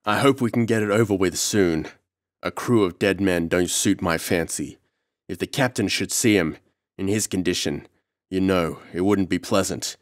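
A man's voice: low voice, normal speed, no echo, studio quality, close to an everyday voice. A man voicing a frightened ship's mate who mutters and protests hysterically, in an audiobook reading.

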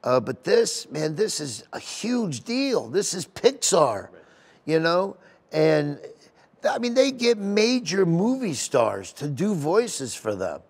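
A man's voice: fairly high pitch, very animated, takes it slowly, husky. A middle-aged man, a comedian, telling stories in an interview in an emotional, rambling way with many restarts. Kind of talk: sit-down interview storytelling. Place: golf tournament venue.

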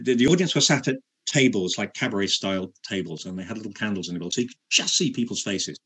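A man, an actor being interviewed, telling a self-mocking anecdote in halting speech with many repeated words and frequent laughter. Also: mid-range voice, a bit bright, slightly rough.

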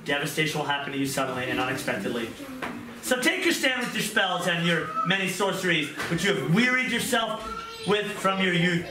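A middle-aged man preaching a sermon with impassioned pleading that drops to hushed, tearful moments. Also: on the high side. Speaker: pastor. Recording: echoey room, mic at a distance, audible background noise.

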